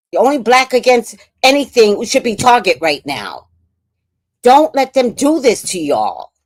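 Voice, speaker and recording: A woman with a New York accent giving casual, outspoken livestream commentary on a podcast feud. She swears freely. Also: medium pitch.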